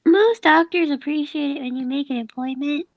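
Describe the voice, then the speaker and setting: A woman co-hosting a casual podcast from a home mic, teasing the others with quick quips. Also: sits high, highs cut off. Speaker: podcast co-host.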